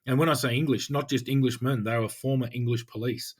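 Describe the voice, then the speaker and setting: An Australian man, a police officer co-hosting a podcast, talking in an easygoing, thoughtful way with many filler pauses. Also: mid-range voice, fairly even intonation. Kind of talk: casual chat.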